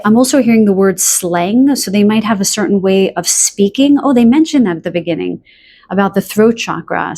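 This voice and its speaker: A woman giving a channeled pick-a-card tarot reading in a chatty, spontaneous way, often pausing to search for words. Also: medium pitch, warm tone. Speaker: tarot reader.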